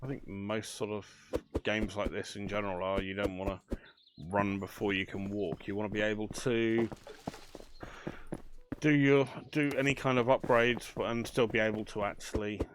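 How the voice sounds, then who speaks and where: A man's voice: fairly low pitch, fairly even intonation, moderate pace, noisy background. A man chatting casually as he plays a management game, thinking aloud with dry banter. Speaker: gaming channel host. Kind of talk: casual let's play commentary.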